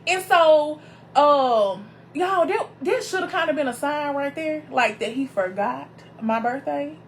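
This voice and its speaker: Animated woman telling a story to viewers. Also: high voice, a little slow, a little hiss or hum. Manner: animated, addresses viewers as y'all, greets viewers by name. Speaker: minister and show host. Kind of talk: casual storytelling to live viewers.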